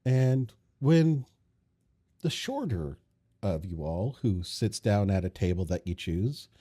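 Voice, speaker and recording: Male game master, slow and expressive delivery, mellow tone. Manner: slow, playful narration with lively pitch. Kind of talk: narrating a tabletop game.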